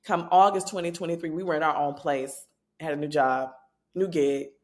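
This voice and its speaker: A woman's voice: deep voice, fairly even intonation, normal speed. A woman in her forties, a podcast guest telling personal stories frankly and reflectively. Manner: reflective storyteller, speaks frankly. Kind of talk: casual podcast conversation.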